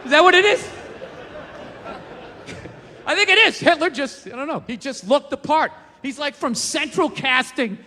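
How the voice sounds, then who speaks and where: High-voiced man doing profane stand-up. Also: normal speed, long pauses, long reverb tail. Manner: profane, rambling, animated rants with acted-out quotes. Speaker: stand-up comedian. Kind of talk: stand-up comedy routine.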